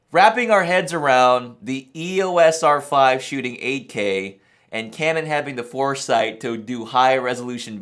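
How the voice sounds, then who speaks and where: A man hosting a camera channel, reacting to a new release in a rambling, excitable way and laughing in disbelief. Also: medium pitch. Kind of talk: excited casual reaction vlog.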